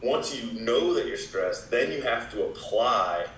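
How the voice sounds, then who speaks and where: A man talking as a wellness expert guest in a casual interview, with a relaxed, explaining manner full of "you know" fillers. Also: mid-range voice, a little slow, a little hiss or hum. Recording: echoey room.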